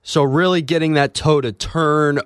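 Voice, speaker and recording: A man with a fairly high voice explains technique and teases his co-hosts on a sports talk show. His voice sounds dry and close. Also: steady tone, a little slow, clear, resonant tone, no echo. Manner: explanatory, teasing.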